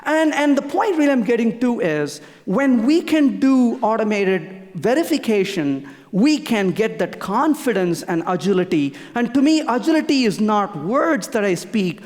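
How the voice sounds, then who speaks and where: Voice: mid-range voice, a little mellow. A conference speaker giving a technical talk, hammering home key points by repeating them, with frequent restarts. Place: conference hall. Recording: long reverb of a large hall.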